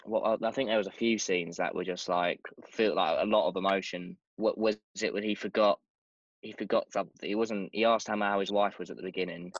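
A man's voice: low voice, steady tone, fairly quick, dry recording, muffled recording. A man in casual podcast chat, earnest and emotional, with stumbling restarts. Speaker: podcast co-host.

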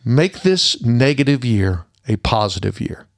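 A middle-aged man with a gravelly, rough-edged voice tells a personal story in an earnest way, his voice dropping to a hush at the sad moments. He hosts a podcast, and the sound is dry and close with no room echo. His pitch sits in a middle range for a man. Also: very animated, a little slow. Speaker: podcast host. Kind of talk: personal story and holiday message.

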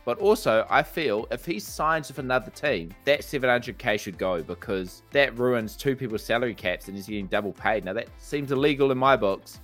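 A man's voice: mid-range voice, animated, moderate pace, hardly any pauses, a bit bright, soft background music. A man co-hosting a casual sports podcast, heated and swearing as he argues. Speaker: podcast co-host.

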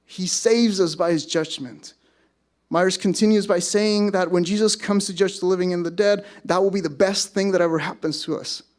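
A man's voice: sits high, fairly even intonation, normal speed. A man preaching a sermon to his congregation, conversational, with self-deprecating asides. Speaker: pastor. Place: church service.

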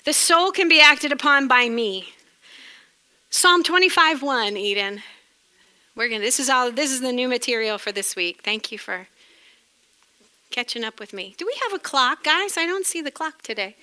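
At a moderate pace and high pitch, this New England-accented Bible teacher, a middle-aged woman, delivers her sermon conversationally. She laughs a lot and bursts into spirited exclamations.

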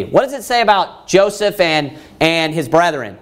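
A man's voice: on the high side, big pitch swings, normal speed, hardly any pauses. A man preaching a sermon, reading scripture aloud and asking the listeners rhetorical questions, raising his voice to act out pleading characters.

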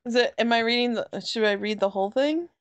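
A woman's voice: on the high side, quick pace, clean tone, no echo. Giggly woman on a voice call. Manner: giggly, keeps dissolving into laughter while reading. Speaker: podcast co-host. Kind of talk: casual chat among friends. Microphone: online voice call.

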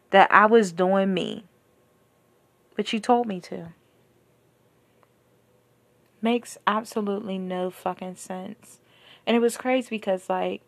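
A woman's voice: medium pitch, gravelly, dry recording. A young woman hosting a podcast, bluntly and profanely venting about a relationship in candid storytelling. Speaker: podcast host.

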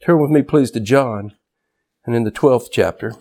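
An older man, a pastor, preaching a sermon in a church, animated and shouting at times for emphasis. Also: mid-range voice, moderate pace.

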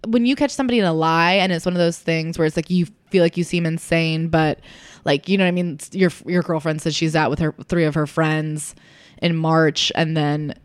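Low-voiced woman telling quick, rambling stories. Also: fairly even intonation, clean tone, no echo, studio quality. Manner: rapid, filler-heavy storytelling. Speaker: guest comedian. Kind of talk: casual podcast chat.

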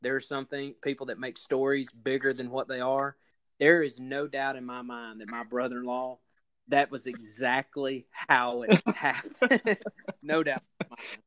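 A man telling a funny story on a casual podcast, laughing often and acting out loud quotes. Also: medium pitch, normal speed, no echo. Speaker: podcast host.

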